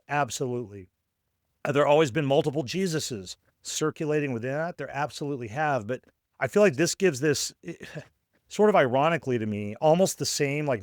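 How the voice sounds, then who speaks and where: A man's voice: medium pitch, no room sound, clean studio sound. A man co-hosting a podcast as a scholar of religion, thinking aloud in a casual discussion with frequent "right?" tag questions. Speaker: podcast co-host.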